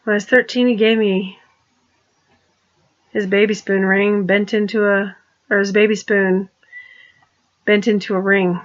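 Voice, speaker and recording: A woman's voice: mid-range voice, level tone, a little slow, pauses often, highs cut off. A woman talking in a rambling personal monologue, restarting her sentences and turning pointed and accusing. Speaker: vlogger.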